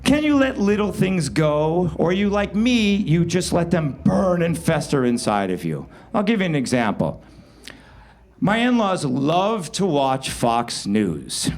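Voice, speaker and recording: Male storyteller, wry and animated, voice swings widely with bursts of loudness. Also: fairly high pitch, a little slow. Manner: wry, animated delivery with sudden loud outbursts. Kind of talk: live comedic storytelling. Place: live show venue.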